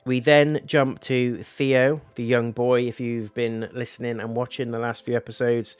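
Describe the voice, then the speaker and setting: A man's voice: medium pitch, little pitch movement, normal speed, clear, resonant tone, soft background music. A young man giving a casual, rambling review of a TV episode, talking candidly and swearing now and then.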